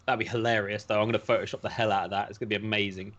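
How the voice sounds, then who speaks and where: A man's voice: on the low side, fairly even intonation, racing, few pauses, a bit bright, muffled recording. A man from the United Kingdom co-hosting a casual podcast chat, reading news aloud with jokey, sarcastic asides. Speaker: podcast co-host.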